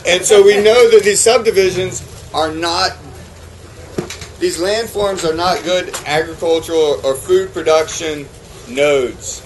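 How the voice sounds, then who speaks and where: This man, a New England farmer, speaks in a high voice and a little slowly as he delivers a passionate farming talk at a conference, peppering the live crowd with rhetorical questions. The audio is poor, with a faint hiss or hum.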